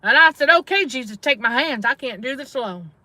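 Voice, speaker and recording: A middle-aged woman talks to her viewers in a casual testifying style, repeating key phrases for emphasis. Her voice is high and very bright. The sound is dry and close. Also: expressive, a little fast, no room sound. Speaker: faith-based trauma coach and channel host. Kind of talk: casual livestream preaching.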